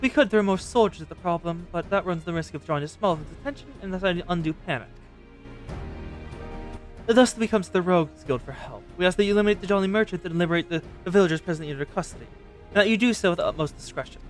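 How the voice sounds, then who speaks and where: A man's voice: high voice, faint music behind, natural voice. A man doing a stern formal envoy. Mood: grave. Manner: formal, measured. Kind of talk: reading game dialogue aloud.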